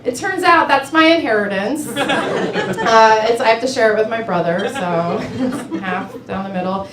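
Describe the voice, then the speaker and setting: A woman's voice: fairly high pitch, lively intonation, measured pace. A young woman doing a stand-up comedy set, chatty and self-mocking, filling her talk with "like" and laughing at her own jokes. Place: small club stage with audience. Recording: echoey club with crowd noise. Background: audience laughter and chatter.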